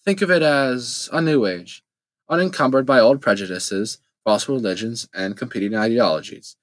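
A man's voice: medium pitch, normal speed, dry recording, natural voice. A man doing an icy, haughty queen. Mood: icy, dismissive. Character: cold, imperious middle-aged woman ruler. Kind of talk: audiobook character voice.

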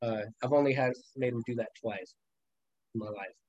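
A man's voice: medium pitch, moderate pace, darkish tone, no echo, highs cut off. A young man casually telling rambling, profane stories on a podcast, laughing often as he talks. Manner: rambling storyteller, laughs a lot, lots of swearing. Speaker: podcast guest. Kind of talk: casual chat.

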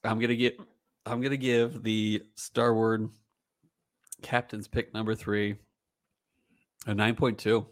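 Low-voiced man hosting a tasting chat. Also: flat delivery, slow pace, long pauses. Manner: upbeat, thinks aloud while rating. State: has the hiccups. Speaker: podcast host. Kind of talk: casual whiskey tasting chat.

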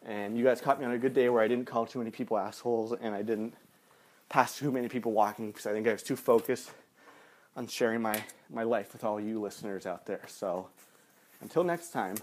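A man's voice: lowish voice, brisk. A man hosting a podcast while walking through city streets, rambling and self-mocking, growing out of breath. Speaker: podcast host. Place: city streets outdoors, then stairwell. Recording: noisy street recording. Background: street traffic and clicks.

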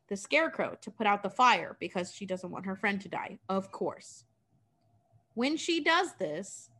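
A woman casually retelling a story, chatty and profane, with lots of "like.". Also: mid-range voice. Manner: chatty, profane, filler-heavy.

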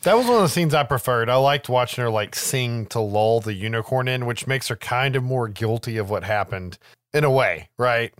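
A man's voice: medium pitch, moderate pace, dry recording, studio quality. Man chiming in on a film chat. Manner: agreeable, chiming in briefly. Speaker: podcast co-host.

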